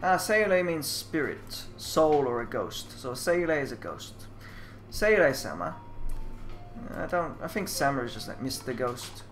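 A man's voice: medium pitch, big pitch swings, a little slow, fairly bright tone. Musing male let's player with faint music. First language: English. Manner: muses aloud, trailing off and second-guessing himself. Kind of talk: game playthrough commentary translating Japanese.

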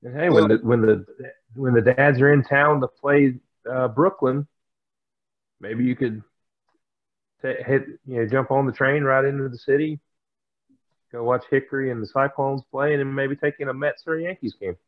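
A man's voice: medium pitch, steady tone, normal speed. Southern man, folksy chat, dull muffled recording. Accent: Southern American. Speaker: podcast co-host. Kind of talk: casual chat. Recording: dull lo-fi sound.

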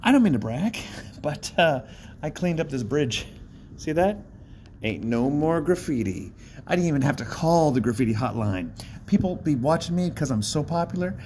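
A man's voice: fairly high pitch, expressive, normal speed, a little mellow, slight background noise. A man rambling in a casual vlog, chatty and self-mocking, often breaking into laughter. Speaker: vlogger. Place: outdoors by a bridge.

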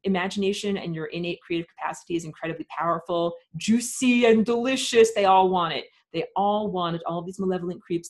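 Woman in an emphatic webinar rant. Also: lowish voice. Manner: emphatic, hesitant with many fillers. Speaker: webinar teacher. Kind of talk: impassioned live webinar rant.

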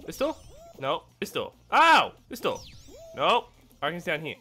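Excitable gamer yelping through gameplay. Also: medium pitch, brisk, faint music behind. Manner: excitable, yelps and shouts at the game; swears and mocks own skill. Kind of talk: let's-play gameplay commentary.

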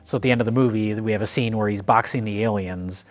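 A man's voice: fairly low pitch, fast. A middle-aged man in casual film discussion, picking apart a movie's story in a dry, analytical way. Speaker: co-host reviewing films.

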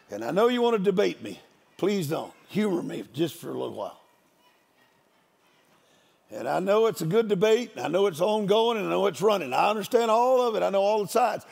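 A man's voice: high voice, vocal fry, slightly rough. An older man, a guest preacher, giving a storytelling sermon in a folksy, joking country manner.

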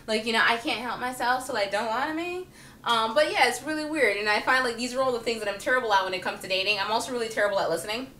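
A chatty woman vlogs in a lively, comic monologue, her voice bright and somewhat high, full of fillers and easy laughter. She sits back from the mic, so her voice carries an echo from the room. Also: quick pace, a little hiss or hum. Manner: chatty and animated, many fillers, frequent laughter. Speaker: vlogger. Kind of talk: casual comedic monologue to camera. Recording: roomy echo, speaking from a distance.

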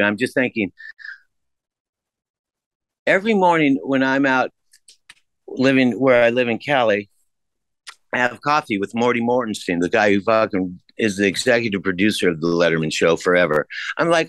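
A man telling a story as a podcast guest in a casual, laid-back way, swearing freely and jumping his pitch up to act out the voices of people he quotes. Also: animated, moderate pace, a bit bright, dry recording. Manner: acts out quoted voices with big pitch jumps.

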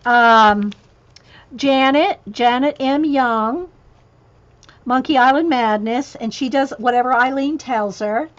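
A woman's voice: high-pitched, slow, muffled recording. A woman talking casually on a home craft livestream, rambling and chatty, her voice getting worn. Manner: chatty, rambling, breaks off to talk to her cat. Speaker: craft vlogger reading a list of channels. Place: home craft room with a ring light.

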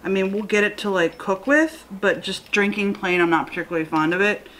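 A woman's voice: mid-range voice, a little fast, a bit bright, slight background noise, poor audio. A woman hosting a casual eating vlog, just woken up and chatting in a rambling way with fillers, filmed at home. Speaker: mukbang host. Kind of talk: casual chat to camera while eating. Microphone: camera mic.

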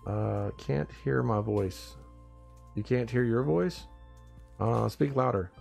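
A man's voice: medium pitch, slow, gravelly, a little mellow, soft background music. A man hosting a casual morning live stream, tired and groggy after little sleep, rambling along and greeting his viewers by name.

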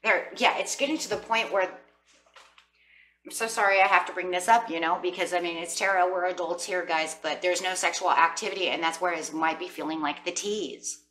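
A woman's voice: on the low side, fairly even intonation, a little fast, fairly bright tone, echoey room, far from the mic, faint music behind. A woman giving a casual tarot reading, talking to her viewers in a chatty, rambling way. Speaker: tarot reader.

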